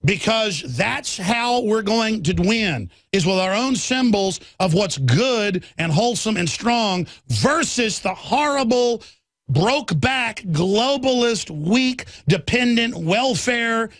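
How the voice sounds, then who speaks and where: A man's voice: sits high, fairly bright tone, dry recording. A man hosting a political radio talk show, ranting in a fiery, combative way from a studio.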